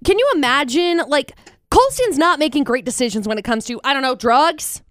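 A woman with a high, very lively voice gossips as a radio co-host, expressive and emphatic. She is heard dry and close on a studio mic. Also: brisk, no room sound. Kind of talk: casual radio banter.

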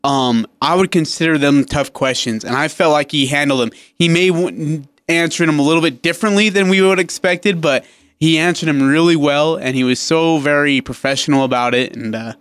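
A man's voice: on the high side, a little fast, clean tone, no room sound. A male sports radio co-host telling stories in casual chat, laughing often and acting out quotes. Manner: animated storyteller, laughs often, acts out quotes.

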